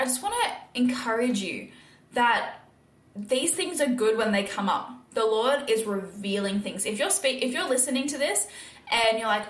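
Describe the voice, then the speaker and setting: A woman's voice: fairly high pitch, lively intonation, moderate pace, roomy sound. A woman hosting a casual faith-based podcast monologue, earnest and encouraging, with lots of filler words. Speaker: podcast host.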